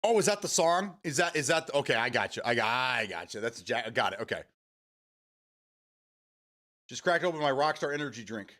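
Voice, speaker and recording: A man's voice: mid-range voice, expressive, fairly quick, pauses often, a bit bright. A man hosting a live stream, chatting casually with viewers, rambling and swearing freely as he answers chat.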